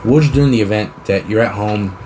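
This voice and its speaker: A man's voice: on the low side, fast talker, background noise. A young man hosting a casual podcast chat. He rambles and swears a lot while spinning long hypothetical scenarios. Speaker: podcast host.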